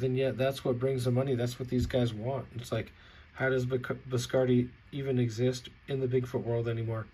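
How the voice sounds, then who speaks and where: A man's voice: medium pitch, flat delivery, moderate pace, dark tone, husky. A man ranting in a vlog, angry and sarcastic, swearing heavily. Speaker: vlogger.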